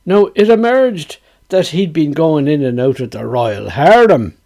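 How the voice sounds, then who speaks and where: A man with a Dublin accent reciting a tale in a measured, storytelling manner. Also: a little high, sing-song, creaky, darkish tone.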